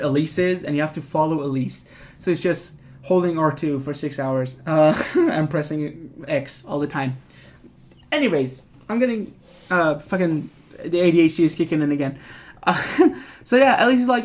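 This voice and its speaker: A man giving a rambling, profane, casual recap of a video game, often laughing at it. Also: fairly high pitch. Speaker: gaming video creator.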